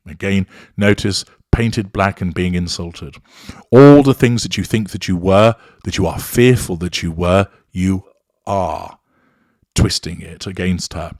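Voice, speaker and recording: A man with a very deep voice delivers measured, clinical commentary, breaking down a recording point by point with deliberate emphasis. The sound is close and dry, with no room around it. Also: steady tone, dry recording. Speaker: narcissism commentator.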